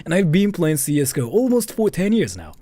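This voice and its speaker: A man's voice: on the high side, wildly swooping pitch, fairly quick, dark tone, soft background music. A man streaming a casual chat, rambling with lots of fillers while reading out donations. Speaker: livestreamer.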